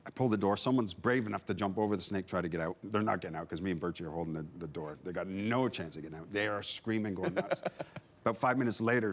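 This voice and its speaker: A man in his forties, a former player on a sports panel, telling a lively anecdote and acting out the voices of the people in it. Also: sits low. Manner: animated anecdote teller, acts out dialogue. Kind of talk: casual storytelling on a sports panel.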